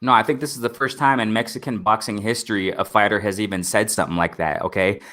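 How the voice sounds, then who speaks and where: A man's voice: lowish voice, steady tone, fast talker, sharp tone. A man hosting a casual live-streamed boxing talk show, rambling and repeating himself with plenty of "bro" and "man".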